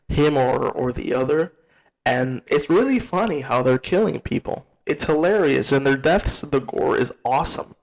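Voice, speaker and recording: A young man talks through a movie review in a loose, unscripted way, pitched a little higher than most men. He is blunt and excitable, stacks up repeated words when he gets worked up, and swears without a second thought. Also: rough recording. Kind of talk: casual spoken movie review.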